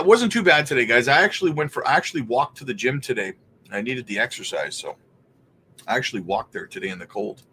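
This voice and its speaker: A man's voice: medium pitch, a little hiss or hum. A man hosting a casual livestream, chatting loosely and greeting viewers by name as he goes. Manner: relaxed, laughs between remarks. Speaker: crypto livestream host.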